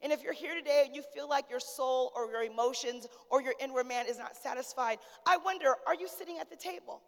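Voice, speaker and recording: A woman pastor in her forties, preaching a lively, conversational sermon in a church and calling out to the congregation. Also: sits high, fairly quick. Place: church sanctuary. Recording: church hall with long reverb.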